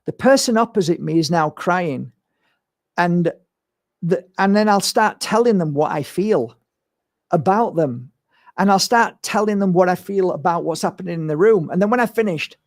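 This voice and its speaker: A man's voice: sits high, animated, normal speed, no echo, clean studio sound. A man, a spiritual medium, talking bluntly and emphatically in a rambling monologue to camera. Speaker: spiritual medium and crystal seller.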